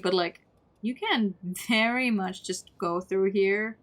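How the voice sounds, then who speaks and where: A woman's voice: medium pitch, takes it slowly. A young woman streaming a horror game. She reads the text aloud and adds sarcastic, giggly commentary, saying "like" a lot. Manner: sarcastic, giggly, says "like" often. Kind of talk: casual let's play commentary.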